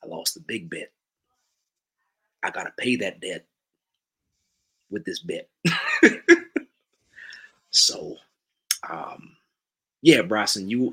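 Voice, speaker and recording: Man doing a slow husky Southern drawl, a sulky sports fan moaning theatrically, bright edge. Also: on the low side, exaggerated voice. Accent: put-on Southern US. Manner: mournful, drawn-out, theatrical. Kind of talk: comic bet-payment bit.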